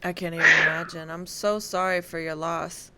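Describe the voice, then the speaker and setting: A woman hosting an interview, speaking in a gentle, consoling and reflective way. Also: fairly low pitch, little pitch movement, normal speed, very noisy. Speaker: interview host. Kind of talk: sympathetic interviewer.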